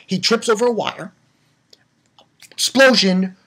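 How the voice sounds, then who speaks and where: Husky guy hyped up recapping an anime ep, swears a lot, trips over his words. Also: sits high, moderate pace, long pauses. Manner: excitable, profane, lots of restarts. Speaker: anime reviewer. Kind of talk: casual episode recap.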